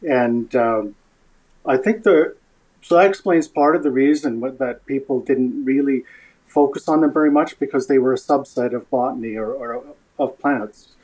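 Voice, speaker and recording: A man's voice: medium pitch, moderate pace, darkish tone, husky, rough recording. A man from Canada, a scientist guest on a podcast, explaining at an easy pace and repeating words as he starts sentences. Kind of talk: casual interview.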